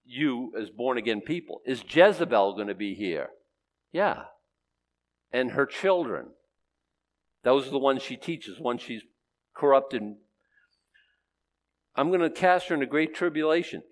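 A male pastor giving a conversational verse-by-verse sermon, animated, with sudden jumps in loudness, humorous asides and frequent restarts. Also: mid-range voice, unhurried, pauses often. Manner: frequent restarts and repeated words.

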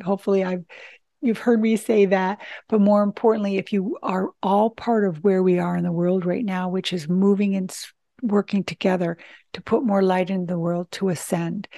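A woman's voice: mid-range voice, gravelly, mellow, dry recording. A woman hosting her own channel, giving a heartfelt personal testimonial in an earnest way, often restarting her sentences. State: tearful at times. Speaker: channel host.

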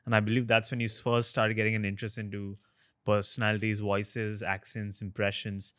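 A man's voice: on the low side, flat delivery, fairly quick, fairly bright tone, no echo, clean studio sound. A man hosting a casual interview, playful and teasing. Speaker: podcast host.

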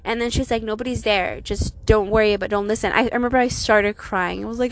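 A woman's voice: on the high side, fast, few pauses, dry recording. Profane, chatty young woman telling a story. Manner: profane, animated, lots of "like" fillers. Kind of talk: casual storytelling, vlog-like.

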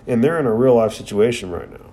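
A man's voice: medium pitch, lively intonation, fast talker, dark tone. A man casually recapping and reviewing an anime episode, rambling and profane with lots of "like".

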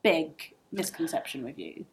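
A woman's voice: sits low, unhurried, creaky. A woman hosting an interview, asking questions in an enthusiastic, chatty way. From born near Liverpool, raised elsewhere. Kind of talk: casual interview chat.

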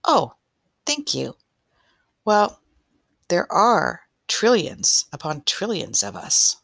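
A woman voicing a cheerful, proud star in a read-aloud story, with a bright, simple, earnest delivery. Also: fairly low pitch, wildly swooping pitch, slow pace, creaky, dry recording, clean studio sound, heavily acted.

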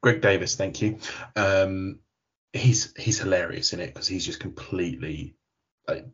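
A man's voice: deep voice, a little slow, a bit bright, breathy edge. A man co-hosting a podcast in casual chat, rambling a little and laughing often. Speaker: podcast co-host. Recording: dull lo-fi recording.

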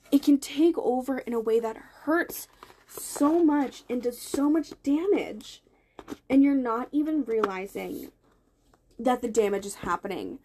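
Earnest motivational woman, somewhat high voice. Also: mellow, a little hiss or hum. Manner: encouraging, earnest, repetitive emphasis. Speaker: podcast host and life coach. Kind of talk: motivational podcast talk.

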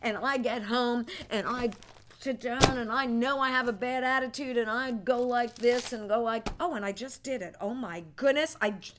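An older woman teaching a prophetic training class, telling a personal story and acting out her old thoughts with bursts of loud feeling. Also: on the high side, moderate pace, heavy background noise. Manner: animated storyteller, acts out her own past thoughts loudly. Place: classroom with students.

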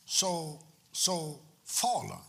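A man's voice: a little high, sing-song, drawn-out words, vocal fry, fairly bright tone. A man a sermon as pastor, repeating phrases for emphasis and drawing call-and-response from the congregation.

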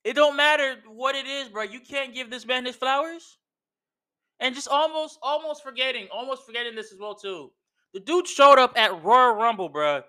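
High-voiced man ranting emphatically. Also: normal speed, sharp tone, clear, resonant tone. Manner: emphatic, slangy, repeats himself, says "bro" a lot. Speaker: podcast host. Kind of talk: casual wrestling opinion rant.

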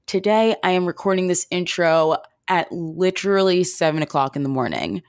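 Woman in her twenties, podcast host; low, groggy morning voice, upbeat and chatty, dry close mic. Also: expressive, moderate pace, no room sound. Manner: chatty, upbeat, self-deprecating. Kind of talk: casual podcast intro.

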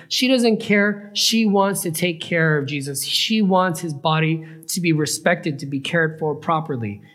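A man's voice: on the high side, fairly bright tone. A man teaching a Bible passage, retelling it with questions to his listeners and acting out the quoted lines. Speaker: preacher.

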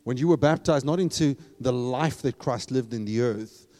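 A man preaching a sermon, talking casually and then building up to loud, emphatic exhortation. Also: medium pitch, normal speed. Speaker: pastor. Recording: long reverb of a large hall.

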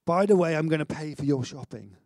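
A middle-aged man preaching a sermon in an energetic, conversational way, with stammered restarts and self-mocking humour. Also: on the high side, brisk, no room sound, studio quality. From Wales. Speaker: pastor.

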